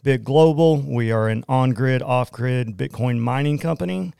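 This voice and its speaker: Gravelly-voiced Oklahoman entrepreneur, man. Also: medium pitch, moderate pace, no echo, studio quality. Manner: casual, energetic, says "man" and "you know". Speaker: guest, entrepreneur. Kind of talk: casual radio interview. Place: small studio.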